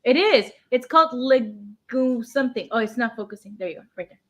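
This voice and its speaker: A woman's voice: on the high side, lively intonation, brisk. A woman in a casual chat, talking with enthusiasm and joking around.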